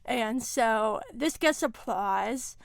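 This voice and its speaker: Young woman co-host, slightly high voice, animated storyteller in casual chat, dry close sound. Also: extremely slow, vocal fry, no echo. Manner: animated storyteller, acts out quotes. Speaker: podcast co-host. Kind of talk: casual chat recapping a book.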